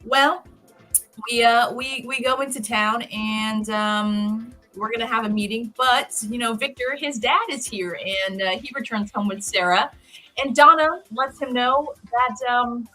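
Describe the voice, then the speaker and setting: Bright-voiced woman recapping a show. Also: a little high, a little slow, faint music behind. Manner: animated, profane, storytelling. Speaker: podcast co-host. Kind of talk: casual TV episode recap.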